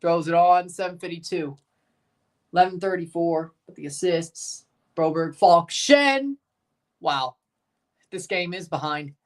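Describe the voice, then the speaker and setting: A woman hosting a live hockey watchalong, giving relaxed play-by-play, answering chat questions and erupting into shouts on goals. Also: fairly low pitch, unhurried, pauses often. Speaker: livestream host.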